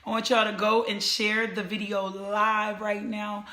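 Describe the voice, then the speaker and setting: Bright-voiced woman hosting a live show. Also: mid-range voice, little pitch movement, a little slow, echoey room. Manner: effusive, greets viewers by name. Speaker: talk show host. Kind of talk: casual live-stream chat. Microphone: webcam or phone camera.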